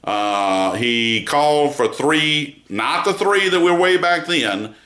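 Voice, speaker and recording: A man giving a spoken news commentary on a court trial, measured and emphatic, with frequent pauses and fillers. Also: on the high side, expressive, sharp tone, roomy sound. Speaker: news site founder giving a report.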